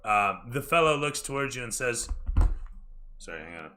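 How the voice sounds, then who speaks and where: A man narrating a tabletop game as game master, talking in a hurried, self-correcting way with casual swearing. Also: mid-range voice, sing-song, sharp tone, slight background noise.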